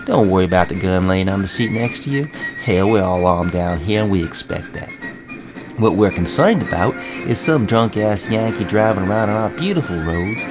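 A man voicing a blustering small-town Southern sheriff in a comedy radio bit, with a slow, slurry, pompous drawl and a Southern accent. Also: on the low side. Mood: mock-stern.

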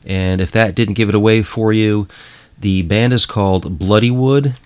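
A man's voice: lowish voice, normal speed, a little mellow, a little hiss or hum. A man hosting a show, talking in a rambling, emphatic way and repeating himself as he introduces music clips. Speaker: host. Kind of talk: casual monologue playing music clips.

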